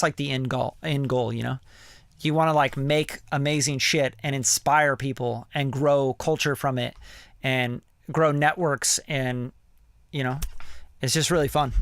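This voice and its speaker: A man's voice: mid-range voice, gravelly, a bit bright, no room sound. A man who produces music, talking casually on his live stream, candid and rambling, full of "like" and "you know" and ready swearing.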